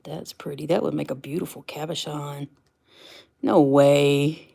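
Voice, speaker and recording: A woman's voice: low voice, fairly even intonation, fairly quick, creaky, mellow, breathy edge. A woman, chatting casually with viewers on a livestream while unboxing rocks. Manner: chatty, greets viewers by name, laughs easily.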